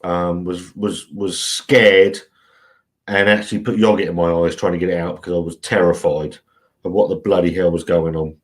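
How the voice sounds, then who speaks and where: Low-voiced rambling man. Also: fairly even intonation, normal speed. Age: 40s. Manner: rambling, chatty, swears freely. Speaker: live stream host. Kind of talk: casual live stream chat.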